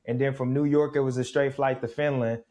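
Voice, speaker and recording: A man in his thirties from Mississippi, a guest in an interview, telling his story with reflective, animated energy. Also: medium pitch, fairly quick. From Mississippi, USA. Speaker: guest, former pro football player.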